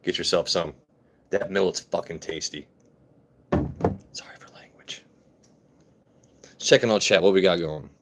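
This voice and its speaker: A man hosts a casual whiskey-tasting live stream, joking around, reading the chat, and greeting his viewers. His voice is low-pitched and brisk, with a little hiss or hum in the background.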